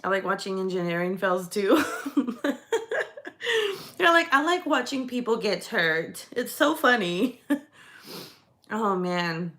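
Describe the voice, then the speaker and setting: A woman's voice: lowish voice, sharp tone. A young woman hosting a book club, chatting casually and swearing freely as she rambles through stories. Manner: rambling, swearing, laughing storyteller. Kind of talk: casual chat.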